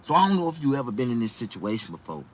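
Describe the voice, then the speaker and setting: A young man doing stand-up, telling a rambling, profane story in an animated way. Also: medium pitch, rapid-fire. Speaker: comedian.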